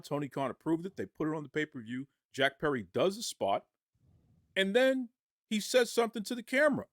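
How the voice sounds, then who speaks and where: A man giving impassioned podcast commentary, arguing forcefully and firing off rhetorical questions. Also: high voice, no echo, clean studio sound.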